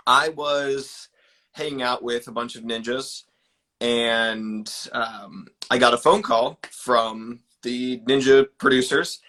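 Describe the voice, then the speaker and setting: A man in his twenties, a guest on an interview, telling stories in an eager, animated way. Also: medium pitch. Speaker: guest, ninja competitor. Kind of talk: casual storytelling.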